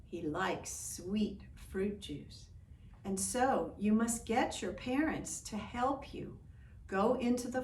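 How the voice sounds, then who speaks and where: A woman voicing a sick village chief who complains with drawn-out moans, in an echoey room from a distant mic. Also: mid-range voice, a little hiss or hum. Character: sick village chief, man, groaning and feverish.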